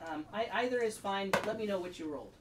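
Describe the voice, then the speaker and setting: A woman's voice: medium pitch, expressive, fast, echoey room, recorded from a distance, very noisy. A woman narrating a tabletop game as game master, rambling with many fillers.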